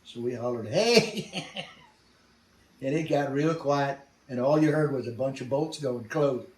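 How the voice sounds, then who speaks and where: A man's voice: medium pitch, steady tone, normal speed, a little mellow, recorded from a distance. Older man, blunt salty storyteller, recorded from off mic in a roomy space. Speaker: veteran interviewee. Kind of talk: storytelling interview.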